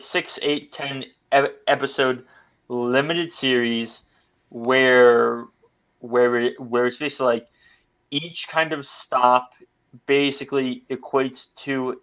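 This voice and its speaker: A man's voice: mid-range voice, fairly bright tone, highs cut off. A man giving a casual film review on a podcast, rambling with many restarts and stammers. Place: podcast studio.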